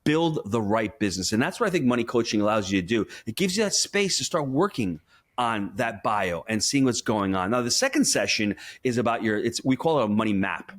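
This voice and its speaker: His voice is lowish and his pace a little fast as this man, a money coach, chats in a podcast interview. He tells lively stories and hands out advice with an emphatic, coaching push.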